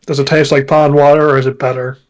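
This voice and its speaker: A man's voice: on the high side, little pitch movement, fast, low-quality recording. Reflective man, guest in a chat. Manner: reflective, searching for words. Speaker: guest author. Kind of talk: casual chat.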